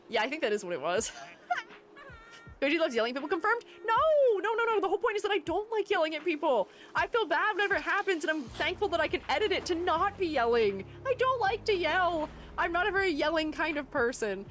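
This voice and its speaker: A woman's voice: fairly high pitch, fairly bright tone. A woman streamer chatting casually while gaming, giggling often and reading her chat aloud to answer it. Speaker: streamer and artist.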